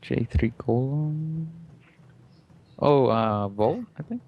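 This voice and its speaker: A man's voice: mid-range voice, muffled recording. A man answering briefly and hesitantly as a teammate in a co-op game over voice chat. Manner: slow, hesitant short replies. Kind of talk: casual gaming chat.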